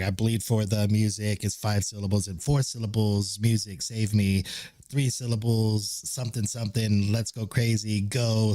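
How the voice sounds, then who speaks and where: A man's voice: fairly low pitch, warm tone, no room sound. A man streaming live, reacting to a song in casual, enthusiastic commentary full of swearing and restarts. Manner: enthusiastic, profane, rambling with restarts.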